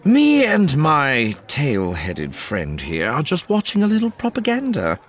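A man's voice: on the low side, very animated, slow, vocal fry, exaggerated voice. A man voicing a sly, sneering man with a cruel streak, mocking in tone.

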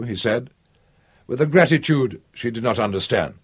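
A man narrating a novel in a measured, expressive reading. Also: medium pitch, breathy edge. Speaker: audiobook narrator. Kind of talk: scripted narration.

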